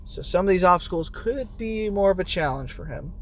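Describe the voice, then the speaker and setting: A man giving casual play-by-play commentary on a game competition, excitable and swearing, yelling when players fall. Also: sits high, fairly quick, a little hiss or hum.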